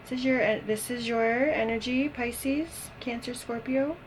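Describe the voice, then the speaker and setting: A woman giving a casual tarot reading, unhurried and thinking aloud with frequent pauses and ums. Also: fairly high pitch, steady tone, a little hiss or hum, low-quality recording. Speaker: tarot reader.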